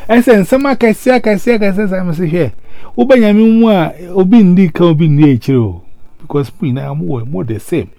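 A man hosting a casual chat, animated, with frequent exclamations. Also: sits high, moderate pace, gravelly. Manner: animated, mixing English and local language, frequent exclamations.

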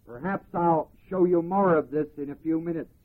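A man preaching a sermon, reading scripture slowly and emphatically and explaining each phrase. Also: a little high. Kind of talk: sermon, Bible teaching. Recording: tinny phone-like lo-fi recording.

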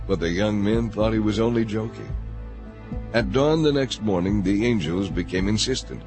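A man reading scripture aloud in a measured, steady narration. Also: on the low side. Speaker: scripture reader. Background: faint music.

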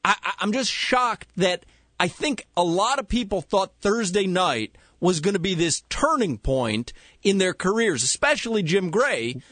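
A man's voice: high voice, big pitch swings, measured pace, a bit bright, no echo. A man co-hosting sports talk radio, opinionated and teasing, close on a studio mic. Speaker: radio co-host.

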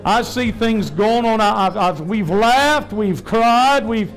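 In a church sanctuary, a man leading a revival service preaches fervently, then drops to soft personal asides during altar prayer. His voice sits high and he speaks at a slow pace.

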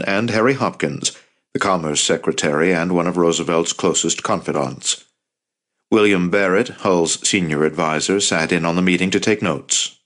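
A man reading an audiobook in scripted narration, measured and grave. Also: low voice.

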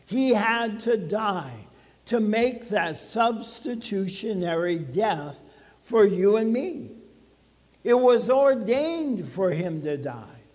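A man's voice: high voice, animated, slow, a little mellow, long reverb tail. A man pastor preaching a sermon to his congregation in a conversational way, putting questions to the listeners. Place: church sanctuary.

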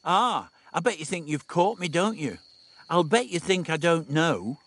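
A man's voice: on the high side, expressive, measured pace, a bit bright, dry recording, voice pushed up, heavily acted. A man voicing a defiant, know-it-all teenage girl in an audiobook. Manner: cocky, scornful, know-it-all. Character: defiant cheeky teenage girl time traveller. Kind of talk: audiobook dialogue.

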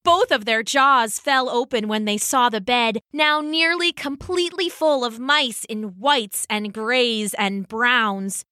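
A woman reading a children's storybook aloud in an expressive, unhurried way. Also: fairly high pitch, no room sound, studio quality. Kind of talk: storybook read-aloud narration.

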